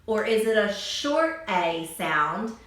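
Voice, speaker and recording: A woman's voice: mid-range voice, very animated, fairly bright tone. Woman teacher sounding out vowels, echoey room. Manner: slow, drawn-out sounding of letters. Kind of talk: phonics lesson for young children. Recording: echoey room, distant mic.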